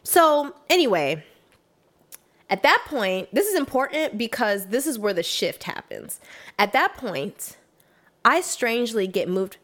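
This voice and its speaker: A young woman recounts a workplace story in relaxed, casual conversation. She talks with emphatic, animated delivery and slips into quoting herself and others as she goes. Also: on the high side, a little slow. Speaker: guest telling a work story.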